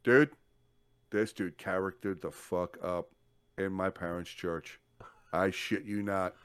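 A podcast co-host with a low voice takes his time telling a long story in casual chat. He's an animated storyteller who swears freely and acts out what people said, recorded with a clean tone and no room sound.

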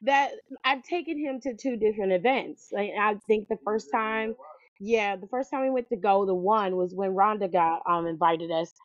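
A woman's voice: medium pitch, normal speed, no room sound. A woman co-hosting a podcast in casual chat, enthusiastic and rambling. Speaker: podcast co-host. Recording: dull, dry recording.

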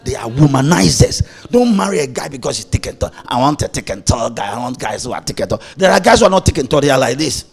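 A man's voice: medium pitch, big pitch swings, fast talker, creaky, few pauses, husky. A male pastor preaching a playful, anecdotal sermon, laughing often as he tells stories. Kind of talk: storytelling sermon.

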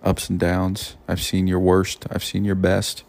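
A man hosting his own podcast, telling a personal story in an animated way and acting out the people in it with a raised voice. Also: sits low, a little slow, gravelly. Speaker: podcast host. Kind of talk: personal monologue addressed to someone.

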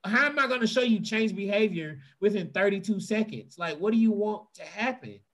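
A man telling a funny, profane story to an audience and mimicking other people's voices. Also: brisk. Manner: animated, profane, mimics voices in a high pitch. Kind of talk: stand-up storytelling.

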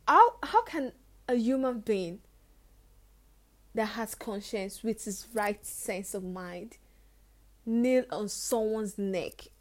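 A woman's voice: medium pitch, dark tone. A young woman hosting her own podcast, talking earnestly and emotionally, often repeating phrases for emphasis. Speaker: podcast host. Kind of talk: personal podcast monologue.

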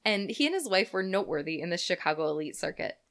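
A woman's voice: lowish voice, very animated, fast, fairly bright tone. A woman co-hosting a podcast, telling a story in chatty, giggly casual talk. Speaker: podcast co-host.

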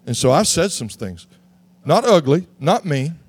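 A man from Texas, preaching a sermon in an animated way that rises to shouts. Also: a little high, unhurried, husky, dry recording. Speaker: pastor.

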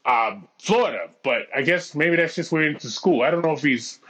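A man chatting casually on a podcast, animated and profane, with lots of tangents. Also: a little high, fairly quick, slightly rough. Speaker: podcast co-host.

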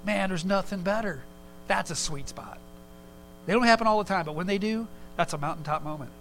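A man preaching a sermon in a relaxed, conversational way, telling a personal story with quick asides. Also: high-pitched, slight background noise, low-quality recording. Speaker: pastor.

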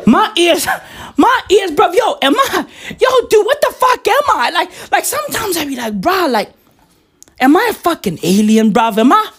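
A man ranting casually and profanely, rambling and excitable, with sudden shouts. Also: very high-pitched, moderate pace.

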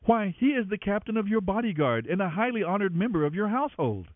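A man's voice: high voice, sing-song, fast talker, no echo, pitched above the performer's own voice. A man reading aloud and voicing a loyal priest who earnestly defends himself before the king. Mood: pleading. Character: pleading loyal male priest. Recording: tinny narrow-band radio, dry.

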